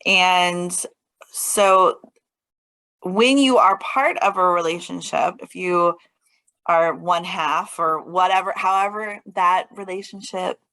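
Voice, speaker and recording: A woman's voice: on the low side, steady tone, slow pace, bright, forceful tone, low-quality recording. A woman co-hosting a podcast in casual chat, thoughtful, with hesitant starts. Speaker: podcast co-host.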